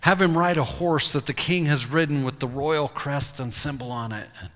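A man's voice: moderate pace, fairly bright tone, natural voice. A man voicing a boastful, self-important male royal official inside a sermon, heard in a reverberant hall. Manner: self-important, then shrill outrage.

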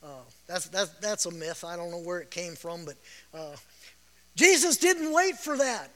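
A man preaches with a very high, bright and forceful voice, tells the story with feeling and breaks into shouts. He often repeats himself and laughs softly. Every word rings with the long reverb of a big church hall. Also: animated, normal speed. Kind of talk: sermon.

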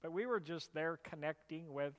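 A male pastor with a fairly high voice delivers a sermon in a large reverberant hall. His storytelling is animated, and it swells into loud, emphatic bursts before settling back down. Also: moderate pace.

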